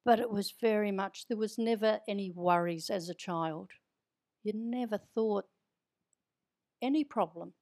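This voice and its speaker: A woman's voice: mid-range voice, measured pace, pauses often, darkish tone. A woman from New Zealand with an Irish-tinged Kiwi accent, telling stories as an interview guest in a chatty, anecdotal way. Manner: chatty, anecdotal, easy laughter. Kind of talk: conversational storytelling.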